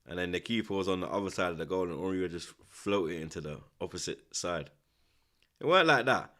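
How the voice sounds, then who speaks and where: A man with a London accent hosting a football watchalong, slangy and teasing, flaring up excitedly at the action from home. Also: low voice, brisk. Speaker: host. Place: at home indoors.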